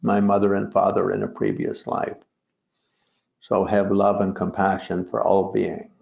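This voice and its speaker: In a deep, darkish voice with vocal fry, a man speaks in a monotone at a measured pace while teaching a dharma talk as a Buddhist teacher. The talk, on a translated poem, is digressive and packed with joking asides, and the recording is roomy, dull and lo-fi.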